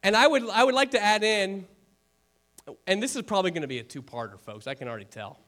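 A man with a notably high voice preaching to his congregation. He talks in an earnest, chatty way, repeats his main points for weight, and checks in with the listeners as he goes. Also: lively intonation, fast talker, fairly bright tone. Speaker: pastor. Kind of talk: conversational sermon.

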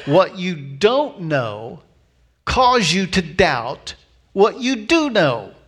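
Man preaching with animated storytelling. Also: high-pitched, husky. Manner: animated storytelling, acting out voices of people in the story; repeats key phrases slowly for emphasis. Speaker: pastor. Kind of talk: sermon.

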